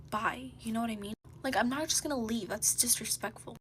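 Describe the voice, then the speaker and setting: A teenage girl tells her storytime in a hushed whisper, tearful and fed up. Her voice sits on the higher side. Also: brisk, few pauses, a little hiss or hum. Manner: hushed, mostly whispering, exasperated.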